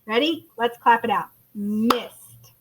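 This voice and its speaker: A woman teaching young children phonics in a recorded lesson. Her voice sits high and sounds bright, and she talks slowly and warmly encouraging, addressing the kids as friends. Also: expressive, rough recording. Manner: encouraging, calls listeners friends. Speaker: first grade phonics teacher.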